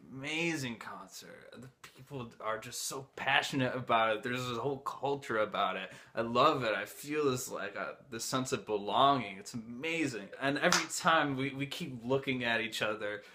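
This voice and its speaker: A young man casually telling a personal story, animatedly acting out the dialogue of the people in it. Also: medium pitch. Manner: animated, acts out dialogue in quoted voices. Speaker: host.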